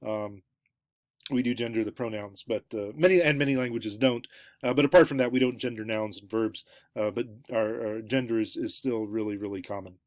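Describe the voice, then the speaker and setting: A middle-aged man lectures on anthropology in a dry, close-miked sound. His delivery is halting and full of ums and false starts, and his voice lifts sharply whenever he opens a new point. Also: no echo. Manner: halting, many fillers and restarts; lively, pitch jumps up for new points. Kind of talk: recorded lecture.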